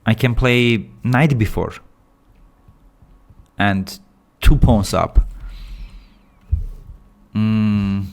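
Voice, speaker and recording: A man with a fairly low voice commentates chess with animated excitement. His has phrasing. He breaks into laughter as positions collapse. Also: drawn-out words, long pauses. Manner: animated, excitable, with non-native English phrasing. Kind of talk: live game commentary.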